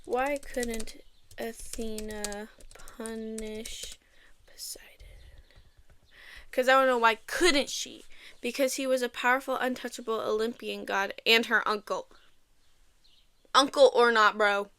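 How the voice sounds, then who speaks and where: A young woman chatting casually, animated and giggly, tripping over words as she reads facts aloud. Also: on the high side, a little slow, pauses often, clear, resonant tone, dry recording. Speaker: vlogger.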